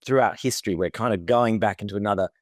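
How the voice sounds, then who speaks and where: A man's voice: fairly low pitch, quick pace, no echo, clean studio sound. A man, co-hosting a podcast as a therapist and telling a personal story in an emotive, chatty way. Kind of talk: casual conversation.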